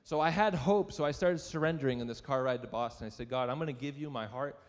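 A man's voice: mid-range voice, fast talker, long reverb tail. A young adult man preaching a sermon, telling a personal story in a conversational, self-deprecating way and asking the audience questions. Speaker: pastor. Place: church sanctuary.

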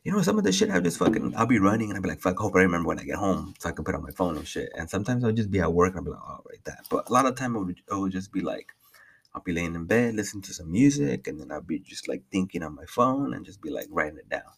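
Deep husky young man rambling. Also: sing-song, racing. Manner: rambling, heavy swearing, many restarts. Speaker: podcast host. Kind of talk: casual solo podcast update.

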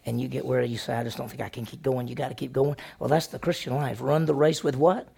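A man's voice: medium pitch, steady tone, brisk, gravelly, darkish tone, slightly rough. A male senior pastor teaching a conversational church lesson, telling folksy stories and asking the congregation questions he then answers himself. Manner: folksy, tells personal stories.

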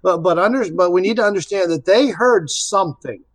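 A man joins a Bible study discussion and thinks aloud as he explains. He hesitates and restarts often. His voice sits slightly high for a man. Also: a little fast, low-quality recording. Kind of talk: casual discussion.

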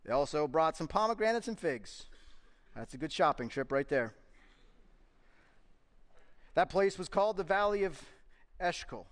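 A man's voice: on the high side, big pitch swings, normal speed, pauses often. A man preaching a sermon as pastor, emphatic and full of rhetorical questions. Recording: long reverb of a large hall.

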